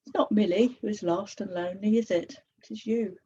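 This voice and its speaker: A woman reading aloud and voicing Hope, a curious, gentle stranger who asks probing questions. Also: mid-range voice, fairly even intonation, fairly quick, husky, highs cut off.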